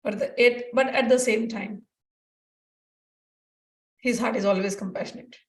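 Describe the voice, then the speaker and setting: A woman's voice: on the high side, steady tone, unhurried. Earnest woman, roomy distant sound. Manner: earnest, repeats phrases for emphasis. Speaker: spiritual teacher. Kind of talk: devotional teaching talk with personal stories.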